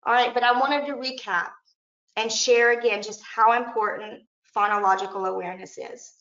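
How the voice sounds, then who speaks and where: A woman's voice: a little high, steady tone, normal speed, a bit bright. A woman presenting a teacher training lesson, modeling classroom prompts in an upbeat way. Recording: echoey room, dull lo-fi audio.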